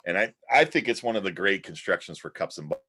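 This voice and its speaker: Give me a deep, bright-toned man talking enthusiastically. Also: expressive, quick pace, a little hiss or hum. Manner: enthusiastic, admiring. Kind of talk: casual chat about magic.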